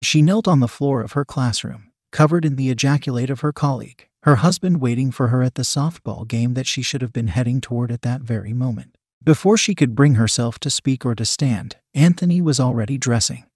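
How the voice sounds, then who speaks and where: A man narrating a scripted erotic story in a steady, measured reading. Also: mid-range voice, husky, dry recording, studio quality.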